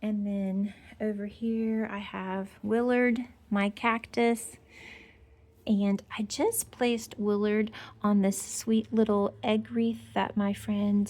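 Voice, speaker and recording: A woman's voice: mid-range voice, dark tone. A woman giving a chatty, gushing tour of her decorated porch, full of fillers and sweet little remarks. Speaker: home decor vlogger. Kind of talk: casual porch tour narration. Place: outdoor porch.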